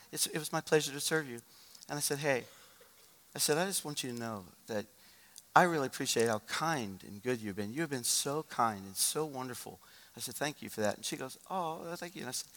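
A male pastor preaching a sermon, moving from loud urgent exhortation to a quiet, hushed story. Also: mid-range voice, animated, a little fast, in a large hall.

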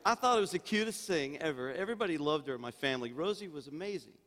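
A man's voice: on the high side, expressive, fast talker, fairly bright tone. An older man preaching a sermon as senior pastor, emphatic and calling out for amens. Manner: emphatic preaching, calls for amen. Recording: reverberant church hall.

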